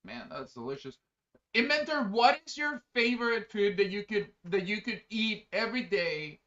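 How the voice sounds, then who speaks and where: A high-pitched man with a bright, forward tone chats casually on a live stream and answers viewers as he goes. He rambles through fillers and bursts into loud exclamations. The audio is slightly dull and lo-fi. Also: sing-song, moderate pace. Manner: chatty, rambling, many fillers. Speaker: streamer reading chat.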